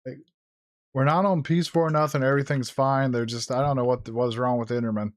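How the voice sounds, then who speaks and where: Man, casual gameplay chatter, mid pitch, laughs a lot, dry close sound. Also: steady tone, fairly quick, no room sound. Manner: chatty, easily startled, laughs often. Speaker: streamer.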